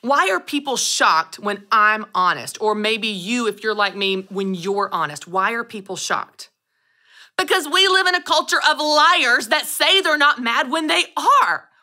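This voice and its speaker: A woman in her thirties hosting a solo podcast, telling personal stories with animated delivery and acting out quoted lines. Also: fairly high pitch, unhurried. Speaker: podcast host. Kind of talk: scripted solo podcast monologue.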